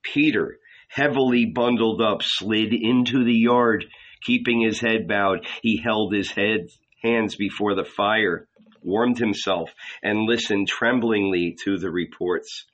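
A man giving a measured, deliberate dramatic reading of a novel. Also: lowish voice, steady tone, a bit bright. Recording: slightly dull lo-fi recording.

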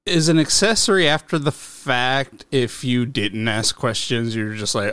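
A man's voice: mid-range voice, unhurried, fairly bright tone, smooth, no echo. A man co-hosting a podcast in casual chat, making wry, incredulous remarks with stammered starts. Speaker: podcast co-host.

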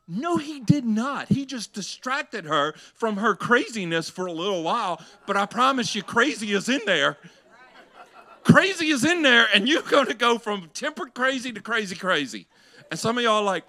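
A man's voice: high-pitched, big pitch swings, normal speed, sharp tone. A man, a pastor preaching a sermon to his church, shifting between conversational asides and raised, emphatic delivery.

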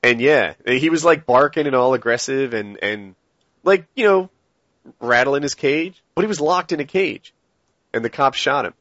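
A man's voice: mid-range voice, lively intonation, moderate pace, a bit bright, dry recording, lo-fi sound. A man chatting in a loose, joking way over a call. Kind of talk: casual chat. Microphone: call audio.

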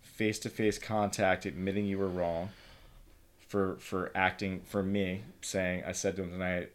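A man's voice: deep voice, flat delivery, normal speed. A man who is a guest on a talk show, a father of three, speaking in a candid, reflective way and swearing casually. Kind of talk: casual conversation.

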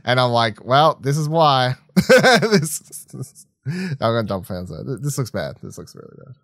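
A man's voice: mid-range voice, normal speed, gravelly, breathy edge, no echo. Guy cohosting a movie podcast, voice bouncing all over, swears a lot, dead dry mic. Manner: animated, blunt, swears freely. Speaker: podcast co-host. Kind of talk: casual film chat.

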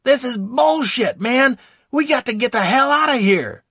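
A man's voice: very high-pitched, animated, unhurried, fairly bright tone, breathy edge, no room sound, studio quality, pitched above the performer's own voice, full character voice. A man voicing a brash eighteen-year-old soldier who bellows defiantly in the middle of combat. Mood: frantic.

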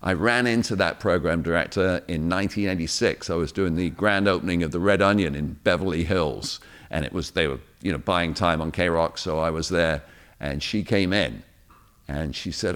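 Man, English accent, very deep voice, storytelling radio guest. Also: normal speed. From England. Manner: lively storyteller, acts out quotes. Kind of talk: casual chat, anecdotes.

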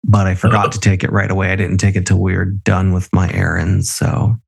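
A man's voice: deep voice, monotone, a little fast, creaky, husky. A tipsy man co-hosting a casual podcast over a remote call, swearing freely and laughing often. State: a little tipsy. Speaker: podcast co-host. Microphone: remote call recording.

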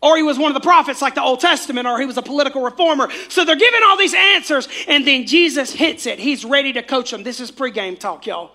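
Pastor, male, very high bright voice, fervent sermon delivery with call-and-response. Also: fast, hardly any pauses. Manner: fervent, calls on the congregation to repeat after him.

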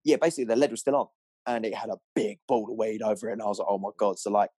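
A young man, an angler, telling a story in an animated, rambling way full of fillers, on a clip-on mic. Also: lowish voice, rapid-fire, husky, no room sound. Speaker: angler guest. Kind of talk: excited storytelling.

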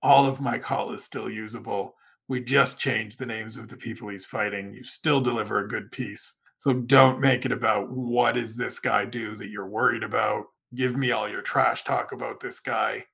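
Man, from Canada, podcast guest, sharp and bright tone, raspy, explains things at length. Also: lowish voice, fairly even intonation, moderate pace. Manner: explains at length, gives advice. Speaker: guest, MMA writer. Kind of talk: casual podcast chat.

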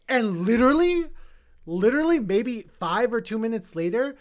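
A woman hosting a casual film podcast, talking animatedly and repeating words when she gets excited. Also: a little high, normal speed. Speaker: podcast host.

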